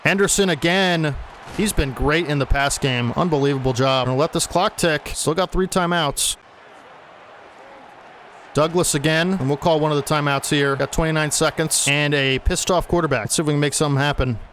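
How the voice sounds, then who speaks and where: A man's voice: a little high, moderate pace, a bit bright, slight background noise. A young man calling his own video game football plays in casual play-by-play commentary, growing agitated and exasperated at bad plays. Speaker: gaming channel host. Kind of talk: play-by-play commentary over gameplay.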